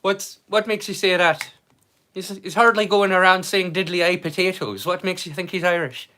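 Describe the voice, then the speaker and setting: In a high voice at a moderate pace, a livestream host runs a casual watch-along, calling out loud, bright greetings to his viewers. He chats and jokes with them and swears without holding back.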